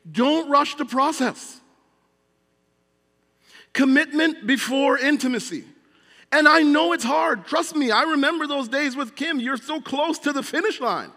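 A middle-aged male pastor preaching a sermon in an earnest style, often dropping to a quiet, low voice. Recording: long hall reverb.

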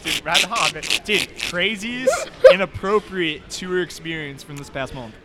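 A man's voice: sits high, sing-song, unhurried, pushed and bright, rough recording. A man hosting a casual hip-hop interview, asking friendly questions and calling his guest "dude.". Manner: friendly, uses "dude" a lot. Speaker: interviewer, host.

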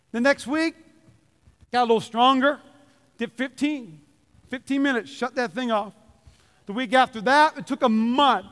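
A man preaching a sermon, animated and joking, calling out to the congregation. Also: extremely high pitch. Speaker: pastor. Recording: long hall reverb.

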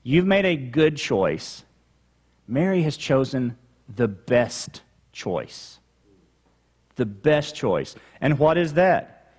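A man's voice: mid-range voice, sing-song, slow pace, long pauses, a little mellow, slightly rough. A male pastor preaching a teaching sermon, explaining the text and repeating key points for emphasis.

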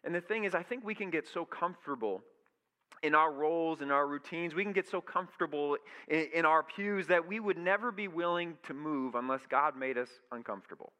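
In a reverberant church sanctuary, a young man serving as pastor delivers a chatty sermon, spinning stories and voicing people's thoughts and words as he goes. His voice sits on the high side and comes out bright and forceful, at a slightly quick pace.

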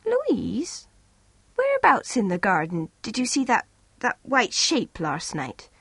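A woman voicing a methodical village husband who asks questions in a slow, probing way. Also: fairly high pitch, wildly swooping pitch, fairly bright tone, husky, dry recording, exaggerated voice.

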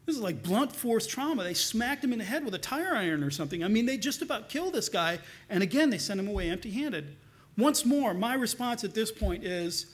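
High-pitched pastor guy preaching, chatty and animated, keeps restarting words. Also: brisk. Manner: animated storytelling, colloquial asides; repeats words when restarting. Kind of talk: sermon.

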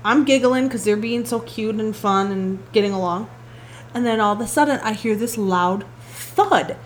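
High-voiced woman, lively podcast storyteller. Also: moderate pace, slight background noise. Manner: animated storyteller, laughs often, swears casually. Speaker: podcast host. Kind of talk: casual chat.

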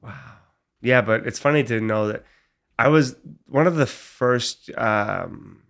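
A man's voice: mid-range voice, slow pace, gravelly, a bit bright. A man from Boston telling a rambling, filler-heavy comic story as a podcast co-host. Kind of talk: casual comedic storytelling.

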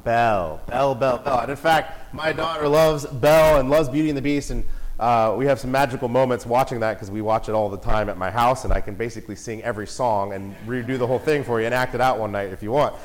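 A father telling a family story in a casual, animated way. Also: medium pitch, quick pace, poor audio. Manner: animated, acts out voices and shouts in quotes.

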